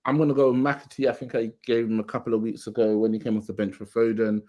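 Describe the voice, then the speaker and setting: A man's voice: medium pitch, little pitch movement, quick pace, muffled recording. A man hosting a casual football podcast, bantering and reading out listener questions. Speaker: podcast host. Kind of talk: casual chat.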